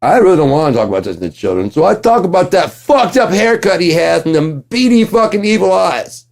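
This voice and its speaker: A man ranting at home in a vlog, swearing constantly and yelling in bursts. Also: high voice, very animated, fairly quick, gravelly. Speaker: vlogger. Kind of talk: profane political rant.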